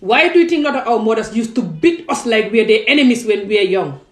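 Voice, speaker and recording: A woman's voice: on the high side, expressive, fast. Impassioned woman in a roomy echo. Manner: emphatic, pleading, rhetorical questions. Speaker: vlogger. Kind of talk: impassioned direct-to-camera monologue. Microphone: phone or camera facing her.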